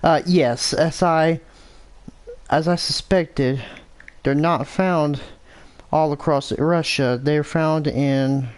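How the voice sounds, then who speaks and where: An American man talks unhurriedly over a hunting game in a fairly high voice, rambling from thought to thought. He often stops to correct himself mid-sentence. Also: steady tone, takes it slowly, long pauses. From United States. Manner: rambling and self-correcting, thinking aloud. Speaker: gameplay commentator. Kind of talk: casual gameplay commentary.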